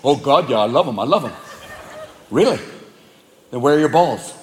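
A man's voice: mid-range voice, expressive, moderate pace, heavy background noise, voice pushed down, lightly acted. A man voicing a dim-witted, eager male dog in a dopey voice. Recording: roomy club with loud crowd laughter.

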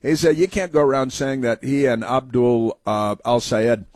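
A male talk radio host rambles through political commentary with a sneering, sarcastic edge. His voice sits at an everyday middle pitch. The sound is dry and close, with no room around it. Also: fairly even intonation, moderate pace, a little mellow, no echo.

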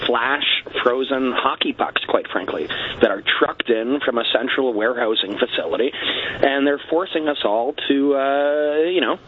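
A man's voice: medium pitch, normal speed. Canadian guy, wry satirical talk, phone line sound, a bit of hiss. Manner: wry, repeats "let's be honest" and "quite frankly". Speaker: guest with a satirical platform. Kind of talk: satirical radio interview.

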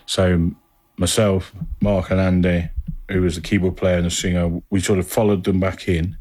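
A man with a rambling, animated storytelling manner, acting out what people said. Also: low-pitched, moderate pace, husky. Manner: rambling, animated anecdotes with acted-out quotes. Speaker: interviewee. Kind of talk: casual storytelling.

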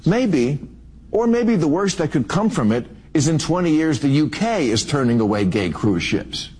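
A man's voice: fairly high pitch, sing-song, moderate pace, darkish tone, breathy edge. A man delivering a combative, defiant opinion monologue.

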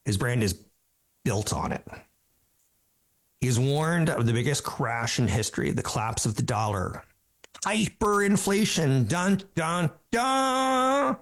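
A man in his fifties hosting a talk radio show, telling animated stories and mocking other people's voices. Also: medium pitch, moderate pace, long pauses, breathy edge. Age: 50s. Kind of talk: casual talk radio monologue.

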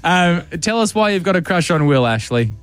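A man runs a radio call-in segment, teasing callers and egging on his co-host. His voice sits a little high and bounces around a lot. Music plays under the talk. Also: lively intonation, a bit bright, clear, resonant tone, dry recording. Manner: playful, teasing, lots of quick agreements.

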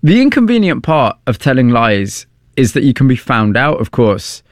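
A man interviewing a guest and narrating the story between questions, measured and probing. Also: medium pitch, sing-song, no echo, studio quality. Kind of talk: documentary-style narration and questions.

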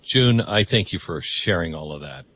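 A man hosting a call-in radio show from a dry studio, his low, husky voice swinging lively up and down. He talks in an earnest, reflective way, often stammering and restarting. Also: moderate pace, no room sound. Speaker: radio talk show host.

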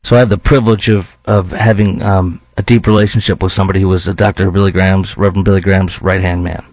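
A man's voice: deep voice, flat delivery, fast talker, darkish tone, no room sound, poor audio. A man hosting a show of opinionated political commentary, talking in a sarcastic, argumentative way. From lives in Dallas-Fort Worth.

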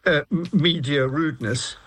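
Husky man making a deliberate case. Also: fairly high pitch, fairly bright tone, rough recording. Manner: deliberate, with many pauses and fillers. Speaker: commentator panel guest. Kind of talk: panel debate.

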